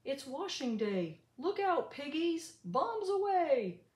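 A woman voicing a hot-tempered, scheming male farmer who shouts in exasperation in a storybook reading. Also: high voice, big pitch swings, normal speed, reverberant, pitched above the performer's own voice. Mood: triumphant.

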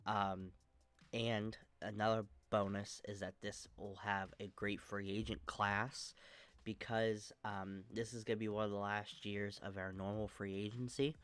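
A young man hosting his own channel, talking casually about a sports video game franchise in a stuffy, monotone voice, rambling with many fillers and restarts. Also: unhurried, clean tone. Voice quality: monotone, low energy. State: stuffy nose. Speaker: channel host.

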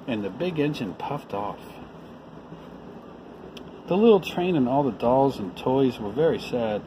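A man reading a children's picture book aloud, expressive and lively. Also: mid-range voice, measured pace, pauses often, noisy background. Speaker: read-aloud reader.

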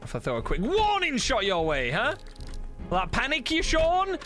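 A man streaming a game, excitable and taunting, laughing and shouting at his friends. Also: very high-pitched, normal speed. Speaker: gaming streamer. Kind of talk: casual gameplay banter. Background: game music.

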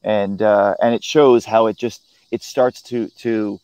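A man with a fairly low voice talks through a film review in a loose, chatty way. He circles back on himself, stacking fillers and restarts as he gathers his thoughts. The sound is dry and close, with no room around it. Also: fairly even intonation, unhurried, dark tone, no echo. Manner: hesitant, full of restarts and "you know". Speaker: film critic. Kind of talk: casual film review chat.

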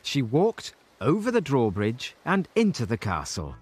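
A gentle, expressive storyteller narrating a children's cartoon story. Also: mid-range voice, a little slow, breathy edge. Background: music.

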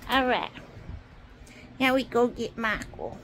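A woman's voice: high-pitched, slow pace, a bit bright. A woman making a playful home video, cooing and sing-song as she plays pretend with toys and pets. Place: home, indoors. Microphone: phone camera. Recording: noisy home phone recording.

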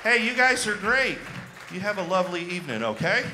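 A man doing a stand-up comedy set on a club stage, self-deprecating and animated, talking into a handheld mic with frequent fillers. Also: sits high, brisk, a crowd in the background, background noise.

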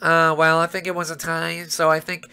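A man doing a calm, reasonable young racer. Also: fairly high pitch, normal speed, gravelly, smooth, full character voice.

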